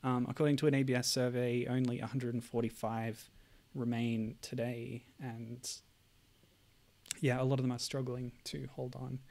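A man's voice: medium pitch, level tone, moderate pace, vocal fry, a little mellow. A man streaming and chatting casually about games, hesitant and full of ums. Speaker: game streamer.

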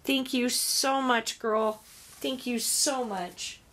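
A woman's voice: a little high, fairly even intonation, slow, a bit bright. A woman vlogger chatting casually as she unboxes craft gifts, gushing, exclaiming and often sighing.

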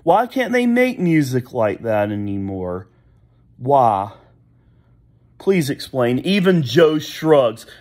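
A man's voice: medium pitch, very animated, slow pace, darkish tone. A man ranting in a casual solo vlog, rambling and exasperated, full of nostalgia. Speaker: vlogger. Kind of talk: casual solo rant to camera.

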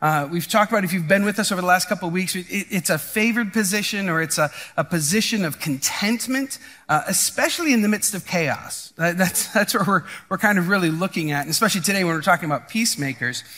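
A man's voice: sits high, fast talker, pushed and bright. A man preaching a casual, conversational sermon as pastor, often restarting phrases and checking in with the congregation. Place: church.

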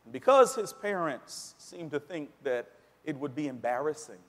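Impassioned preacher with hall reverb. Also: male voice, a little high, expressive, normal speed. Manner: dramatic, climbing to near shouts at emphasis. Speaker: pastor. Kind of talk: sermon. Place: church sanctuary.

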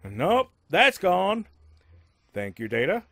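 Male let's-play host, chatty and rambling, voice pushed a touch high, dry recording. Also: huge pitch swings, takes it slowly, creaky, a bit bright, no room sound. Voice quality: rambling, lots of fillers and asides. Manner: raises his voice above his natural low register. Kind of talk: casual gameplay commentary.

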